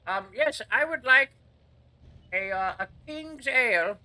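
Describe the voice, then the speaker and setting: Guy doing a pompous old fake-british gent, quavery, kinda high and cutting. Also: lively intonation, slow, pushed and bright, exaggerated voice, poor audio. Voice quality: quavery old-man put-on voice.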